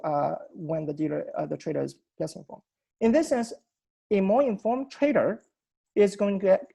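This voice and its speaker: A man presenting at an academic seminar over a video call. His voice is gravelly, mellow and a little husky. He explains technical ideas methodically and often restarts his sentences. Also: high-pitched.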